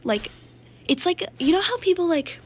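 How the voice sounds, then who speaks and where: A woman's voice: very high voice, sing-song, moderate pace, noisy background. A woman telling a casual storytime vlog about a game, chatty and filler-heavy, acting out the dialogue she quotes. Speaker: gaming YouTuber.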